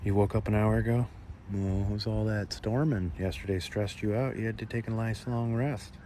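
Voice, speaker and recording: A man's voice: fairly low pitch, steady tone, moderate pace, warm tone. A man hosting a casual walking livestream outdoors by a beach lagoon on a plugged-in mic, chatting and answering viewer comments with nervous laughs. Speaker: livestream host. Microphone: plugged-in mobile mic while walking. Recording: outdoor wind and nature noise.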